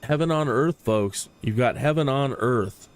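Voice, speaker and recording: A man's voice: mid-range voice, measured pace. A man hosting a livestream, talking in a rambling, opinionated way and often repeating words. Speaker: flight sim streamer. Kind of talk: casual livestream commentary.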